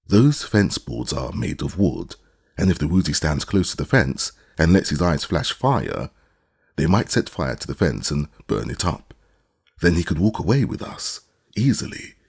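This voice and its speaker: A gleeful, excitable patchwork girl chatters in a raised, lively voice, as a man puts her on for an audiobook. The rough, husky grain of his voice stays underneath. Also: low voice, a little slow, exaggerated voice.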